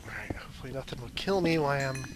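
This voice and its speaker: A man's voice: medium pitch, animated, very fast, noisy background. A man hosting a gaming video, chatting casually and goofily as he plays, with rambling jokey asides. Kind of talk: casual gameplay commentary.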